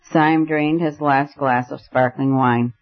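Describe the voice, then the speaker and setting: A man giving a measured, scripted audiobook narration of a classic novel. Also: mid-range voice, steady tone. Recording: dull lo-fi recording.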